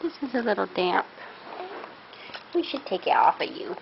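A woman's voice: mid-range voice, big pitch swings, normal speed, vocal fry. A woman filming her family at home, chatting casually, cooing to a baby and scolding her kids. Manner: chatty and plain-spoken, coos to a baby and scolds children. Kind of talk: casual home video chat. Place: indoors at home. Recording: dull lo-fi home video with background hiss.

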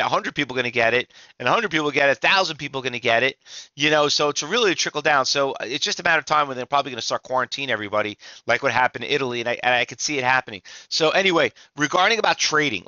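A man's voice: mid-range voice, sharp tone, dry recording, lo-fi sound. A middle-aged man, an exhausted trading instructor giving rambling, emphatic market commentary to viewers with many restarts.

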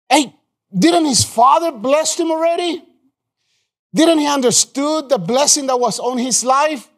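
A very high-pitched, animated male pastor preaches live in a church. His delivery is emphatic, full of repeated phrases, calls to the congregation and sentences restarted in quick bursts.

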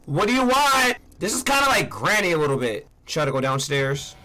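Young male gamer, high, lively and bright, shouts and trash-talks through horror game commentary. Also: a little fast. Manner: excitable, yelling at the screen, trash-talking. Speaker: gaming YouTuber. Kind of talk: let's play commentary.

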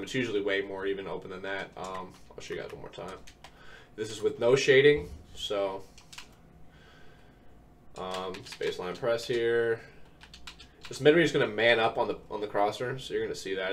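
A young man recovering from an illness gives casual gameplay commentary, laid-back and full of ums as he explains plays step by step. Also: lowish voice. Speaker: video game tips creator. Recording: distant mic, faint keyboard noise.

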